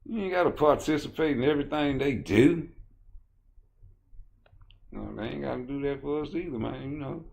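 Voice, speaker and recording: A man's voice: medium pitch, normal speed, gravelly, long pauses, darkish tone. A man giving a casual boxing commentary rant, rambling, blunt and profane.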